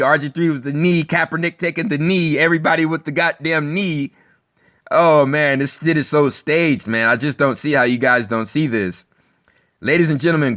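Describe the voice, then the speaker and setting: A man's voice: a little high, a bit bright. A man hosting his own video, ranting with scorn and emphasis, repeating phrases, mocking his listeners and swearing freely. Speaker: channel host.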